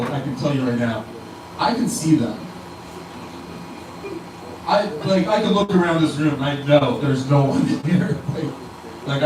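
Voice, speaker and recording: A male stand-up comedian with a medium-pitched voice rambles through a profane set in a comedy club, doubling back and restarting sentences as he interrupts himself. A distant mic captures the echoey room, with crowd ambience and background noise.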